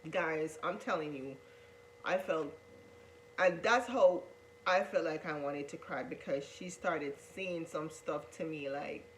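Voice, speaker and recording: A woman recounts her story straight to the camera in an earnest, repetitive way, often turning to her viewers as guys. Her voice sits on the low side. A faint hum runs under the recording. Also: poor audio. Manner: earnest, repeats herself, addresses viewers as guys. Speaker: vlogger telling her coming-out story.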